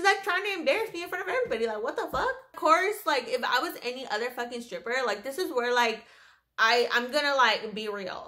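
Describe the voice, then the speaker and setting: A young woman telling a story in a casual vlog, animated, emphatic and full of swearing. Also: on the high side. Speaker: storyteller vlogger.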